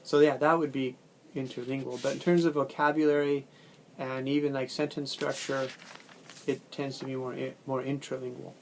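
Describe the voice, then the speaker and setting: A man with a Californian accent giving a recorded video lecture as a language teacher, in a relaxed, loose delivery full of fillers and self-corrections. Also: mid-range voice, moderate pace, slight background noise.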